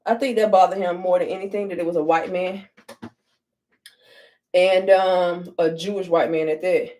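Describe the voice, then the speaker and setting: A woman's voice: lowish voice, fairly even intonation, normal speed, mellow. Profane, chatty young woman vlogger. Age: young adult. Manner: blunt, profane, chatty, talks to viewers. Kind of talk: casual storytelling get-ready-with-me.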